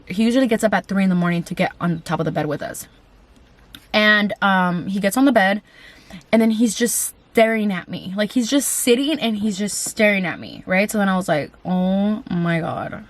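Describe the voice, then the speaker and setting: A woman tells a creepy personal story to her camera in a loose, casual vlog. She is chatty and animated, packing her speech with fillers and curse words while she addresses viewers directly. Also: medium pitch, fairly quick. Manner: chatty, heavy on "like" fillers and swearing; animated, talks straight to viewers. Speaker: YouTuber telling a story.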